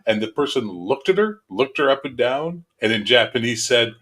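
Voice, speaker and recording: A man talking casually with friends, with a steady voice of middling pitch. He swears freely and tells stories in a blunt, offhand way. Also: normal speed. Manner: blunt, profane storytelling. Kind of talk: casual chat among friends.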